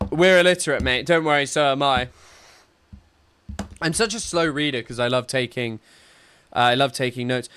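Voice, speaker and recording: A man's voice: medium pitch, moderate pace, pauses often, fairly bright tone, a little hiss or hum. A young man, rambling and sarcastic in casual live-stream commentary, full of restarts and fillers. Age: young adult.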